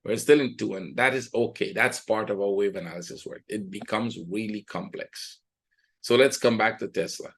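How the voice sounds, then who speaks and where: A trading educator walks through charts in a conversational, think-aloud lesson, often checking in with "right?". His lowish, gravelly voice is slightly rough with a fairly bright tone, at normal speed.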